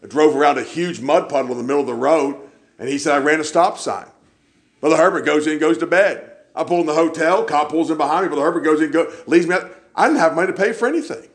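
A man's voice: on the high side, steady tone, fast. A man, preaching in a church and telling folksy stories, acting out the people he quotes. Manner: folksy storyteller, acts out quoted voices. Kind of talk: sermon storytelling.

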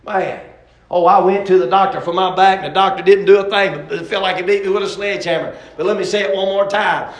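A man preaching a testimony sermon, swinging from shouts to hushed talk. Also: high-pitched, fairly quick. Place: church hall. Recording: echoey hall from far off.

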